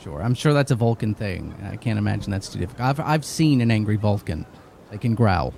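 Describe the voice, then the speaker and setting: A man's voice: on the low side, animated, a little fast, vocal fry, darkish tone, slight background noise. A man playing a crew officer in a tabletop game, rambling with stumbling restarts. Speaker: player. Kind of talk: tabletop role-play.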